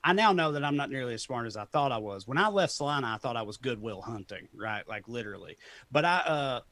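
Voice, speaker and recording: A man's voice: mid-range voice, lively intonation, fast, pushed and bright, no echo. Tennessee-accented man, laughing and rambling. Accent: Southern US, Tennessee. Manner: rambling, self-deprecating, laughs often. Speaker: comedian guest. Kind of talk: casual interview chat.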